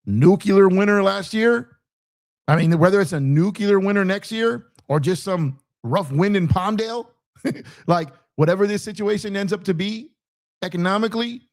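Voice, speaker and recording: A sports show host with a voice on the high side and a little mellow rants in fired-up fan commentary. He repeats himself for emphasis, taunts rival fans, and reads out viewer super chats.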